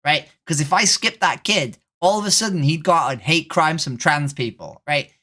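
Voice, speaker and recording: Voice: mid-range voice, moderate pace, few pauses, sharp tone. Blunt, wry livestreamer chatting with strangers. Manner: blunt, swears freely, wry running commentary. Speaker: livestreamer on a random video chat site. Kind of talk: casual livestream chat with strangers.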